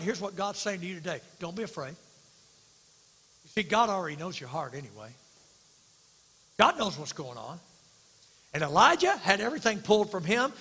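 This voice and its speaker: A man preaching from the pulpit, his voice pitched high and bright. He drops to near-hushed, slow phrases and then rises into loud, emphatic declarations. The sound carries a long reverb from a large church sanctuary. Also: slightly rough. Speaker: pastor. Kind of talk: sermon.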